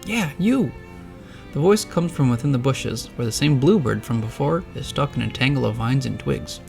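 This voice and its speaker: A man narrating a storybook in a measured, descriptive way. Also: mid-range voice, gravelly. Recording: soft background music.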